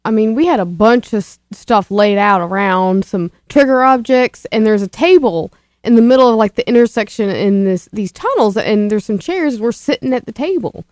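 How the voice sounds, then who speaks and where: A woman's voice: fairly high pitch, expressive, normal speed, few pauses, a little mellow, no room sound, clean studio sound. Matter-of-fact woman in a casual chat. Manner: matter-of-fact, fills in details. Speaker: paranormal investigator.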